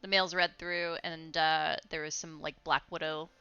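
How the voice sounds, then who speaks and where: A young woman streaming from home, chatting casually and rambling while she plays a game, quick to laugh. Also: sits low, flat delivery, sharp tone, smooth. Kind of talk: casual gaming stream chat. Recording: slightly muffled, faint music behind.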